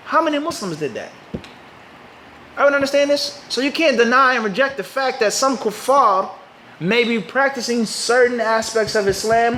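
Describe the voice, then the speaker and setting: High-voiced American man lecturing a crowd. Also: expressive, moderate pace, bright, forceful tone, echoey room, a little hiss or hum, low-quality recording. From Philadelphia, USA. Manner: asks the audience rhetorical "what?" questions, then answers them. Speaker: Islamic teacher. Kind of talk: lecture to a live audience.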